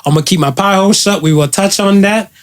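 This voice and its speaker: Laid-back, slightly high-voiced male co-host. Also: quick pace. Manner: laid-back storytelling, joking. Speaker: podcast co-host. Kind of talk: casual podcast chat.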